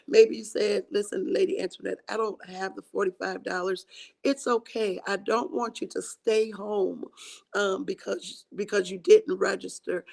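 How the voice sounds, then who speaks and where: Hoarse raspy woman hosting a church livestream. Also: mid-range voice. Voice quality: raspy, tired voice. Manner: warm, encouraging, many fillers and restarts. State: hoarse from singing. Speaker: host of a women's ministry livestream.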